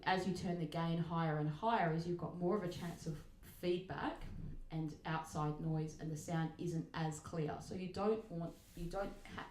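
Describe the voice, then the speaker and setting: In her home recording setup, a singer reviews microphones in casual demo talk, chatty, self-deprecating and rambling with restarts. Her voice is lowish and a little mellow, heard in an echoey room with faint noise.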